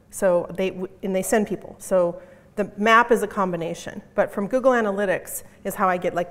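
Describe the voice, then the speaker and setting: A middle-aged woman giving a conference keynote talk in an emphatic, punchy way, repeating her key phrases. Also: mid-range voice. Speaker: conference speaker. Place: conference hall. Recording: long reverb of a conference hall.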